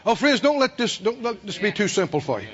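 A man preaching a sermon, animated, acting out the people he quotes and asking the congregation questions. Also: high voice, brisk. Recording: dull lo-fi sermon recording.

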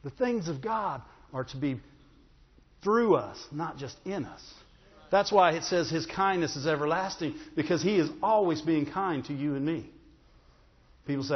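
A pastor with a high-pitched, husky voice preaches at normal speed, emphatic yet conversational, with joking asides and calls for an "amen" from the congregation. The sound is dull and lo-fi, echoing through a hall.

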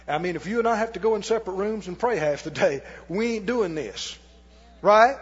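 A man's voice: sits high, slightly rough. A male pastor preaching a sermon, emphatic and questioning his congregation. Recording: dull echoey hall recording.

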